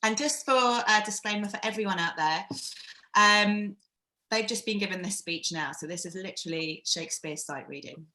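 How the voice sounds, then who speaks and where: Bright-voiced woman coaching actors. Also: medium pitch, moderate pace, reverberant, rough recording. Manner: encouraging, chatty coaching with frequent ums. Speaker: acting workshop leader. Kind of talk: live-streamed acting workshop.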